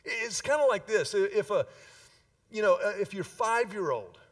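Preacher, male, high voice, emphatic with dramatic pauses, heard from a distance in the room. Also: animated, a bit bright. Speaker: pastor. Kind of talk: sermon.

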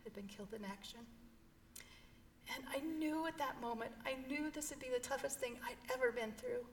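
Gravelly-voiced woman sharing a testimony. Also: high-pitched, expressive, a little fast, slight background noise. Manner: earnest, emotional storytelling. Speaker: guest. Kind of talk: personal testimony in an interview.

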